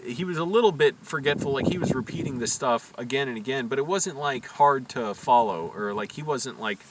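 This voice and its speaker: A man's voice: mid-range voice, a little fast. A man from Virginia telling a long rambling story in a casual, amused, self-correcting way. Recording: distant mic with loud background noise.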